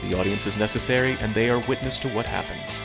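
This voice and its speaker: Measured man hosting a podcast, music under. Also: on the low side, vocal fry. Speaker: podcast host. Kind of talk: scripted podcast intro, then casual chat. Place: Cairo, Egypt.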